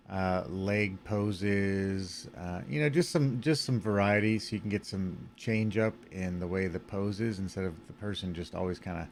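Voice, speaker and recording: A sleepy man with a low voice casually explains his animation puppet rig in a screen-recorded tutorial, using lots of fillers and yawning now and then. There's a little hiss or hum in the recording.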